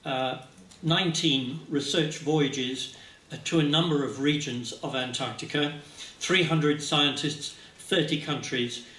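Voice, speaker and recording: A man giving a scientific talk at a symposium, speaking haltingly with many filler sounds, recorded from a distance in a lecture hall. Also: a little high, fairly bright tone. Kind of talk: conference presentation. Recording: echoey hall, speaker far from mic.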